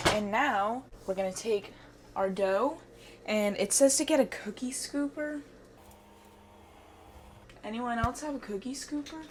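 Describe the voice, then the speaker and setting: A woman's voice: medium pitch, a little hiss or hum. A woman cooking in her home kitchen and talking playfully to her viewers, joking as she works, while wearing a mic. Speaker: cooking vlogger. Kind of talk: casual cooking vlog talk.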